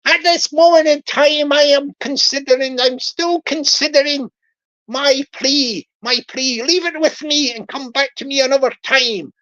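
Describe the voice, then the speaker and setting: A woman's voice: high voice, a bit bright, highs cut off. A woman voicing a cheeky accused man who stalls and giggles while dodging a scam charge. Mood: stalling. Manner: evasive, giggling, drawn-out stalling.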